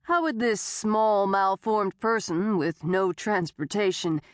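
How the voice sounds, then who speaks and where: A woman voicing a doubting male sheriff who speaks in a measured, dismissive way. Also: mid-range voice, no echo, clean studio sound, close to an everyday voice. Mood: skeptical. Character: skeptical, unhurried male small-town sheriff.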